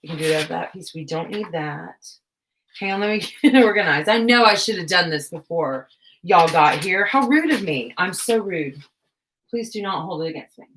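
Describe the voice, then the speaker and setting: Young woman, slightly low voice, casual craft live stream, scatterbrained, self-deprecating, giggly. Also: expressive, normal speed, fairly bright tone, slight background noise. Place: home craft room.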